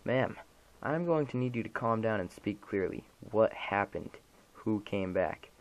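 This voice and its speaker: A man's voice: on the low side, animated, a little slow. A man voicing a firm, commanding police officer answering a call in a dramatic reading of a horror story. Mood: urgent firm. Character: stern male police officer on phone duty.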